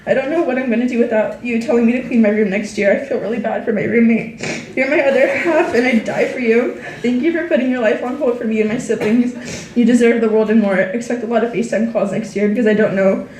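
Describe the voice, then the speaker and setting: A woman's voice: on the high side, quick pace, darkish tone, roomy sound, distant mic, slight background noise. A teenage girl reading a heartfelt senior speech to her friends and family, close to tears. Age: teens. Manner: heartfelt, reading thank-yous. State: tearful, near crying. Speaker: graduating student. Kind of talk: senior speech read aloud.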